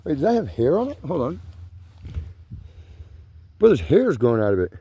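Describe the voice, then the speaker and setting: A man's voice: fairly high pitch, wildly swooping pitch, normal speed, mellow, husky, dry recording, studio quality. A man, rambling casually and profanely while pacing along grassland trails outdoors. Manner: rambling, profane, says "you know" and "bro" a lot. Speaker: vlogger.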